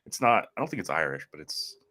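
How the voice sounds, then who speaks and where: A man's voice: sits low, big pitch swings, fast, sharp tone, dry recording, studio quality. A man co-hosting a comedy podcast, laid back and laughing along in casual chat. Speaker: podcast co-host.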